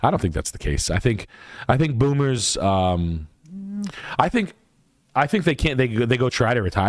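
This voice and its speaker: A man's voice: mid-range voice, dry recording. A man hosting a livestream podcast, ranting casually in a heated, profane way. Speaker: podcast host.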